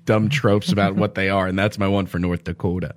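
A man with a lowish voice co-hosts a podcast in loose, casual chat. He jokes and swears freely, teasing his co-host and slipping into accents for a laugh. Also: level tone, fairly quick. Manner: joking, profane, playful. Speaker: voice actor doing accents.

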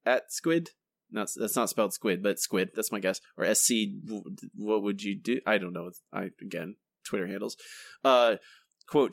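A man's voice: normal speed, gravelly, dry recording, clean studio sound. A man co-hosting a podcast in casual chat, reading listener answers aloud and stumbling over names and restarts. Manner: reads listener answers aloud, jumps into higher voices for the quotes. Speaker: podcast co-host.

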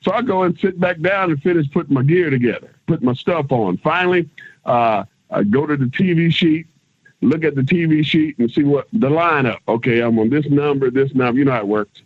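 A middle-aged man, a former pro wrestler, telling road stories as an interview guest in a loose, animated way. He acts out what others said and swears casually. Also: on the high side, brisk, breathy edge, dry recording. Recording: tinny phone-line sound.

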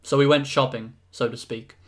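A man's voice: medium pitch, steady tone, moderate pace, close to an everyday voice. A man reading aloud and voicing an earnest, uneasy young man in a storybook reading. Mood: explaining.

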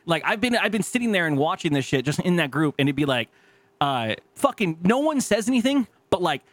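A man's voice: a little high, sing-song, fairly quick, no echo. A man in his thirties co-hosting a podcast, telling profane stories in casual chat, acting out quotes and laughing often. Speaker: podcast co-host.

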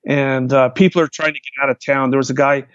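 A man, a hang glider pilot, recounting his flights in a lively storytelling manner. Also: medium pitch, fast talker, smooth, dry recording. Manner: animated, vivid retelling with restarts. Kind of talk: storytelling in a conversation. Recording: dull, lo-fi, dry sound.

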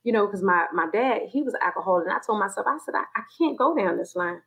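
A woman's voice: medium pitch, animated, quick pace, gravelly, fairly bright tone, breathy edge, low-quality recording. A woman sharing a personal faith testimony in conversation, acting out her own inner voices as she tells it. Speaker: guest sharing her story.

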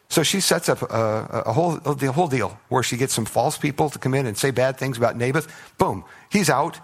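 Man preaching a lively sermon. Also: mid-range voice, fairly quick, few pauses, slightly rough. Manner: animated storytelling, acts out biblical characters in playful voices. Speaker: pastor.

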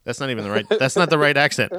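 A man's voice: mid-range voice, lively intonation, fast talker, sharp tone, no echo. A man co-hosting a podcast, rambling and joking in casual chat. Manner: rambling, joking, laughs often. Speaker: podcast co-host.

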